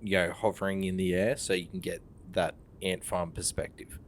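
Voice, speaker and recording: A man's voice: low voice, steady tone, moderate pace, slight background noise. A man chatting casually on a voice call with short, easygoing replies. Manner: easygoing, brief replies with laughs. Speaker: fellow player on voice call. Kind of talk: casual chat.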